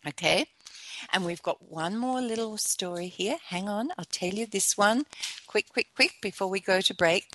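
A woman hosting a motivational talk show, speaking with conversational asides and gentle encouragement. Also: mid-range voice, normal speed, a little hiss or hum. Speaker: show host.

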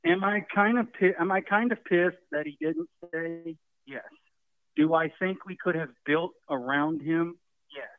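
A male caller, out of breath, pushes his point hard and keeps repeating himself. His voice is a bit raised and gravelly with fry. He comes through a tinny, phone-like line. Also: high voice, unhurried, no room sound. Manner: emphatic, preachy, repeats himself.

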